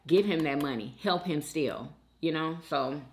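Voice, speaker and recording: A woman's voice: sits low, a little slow. A woman hosting a mukbang, chatting casually and animatedly with viewers and reading their comments. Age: adult mother. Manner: chatty, animated, often calls listeners "girl" and "y'all".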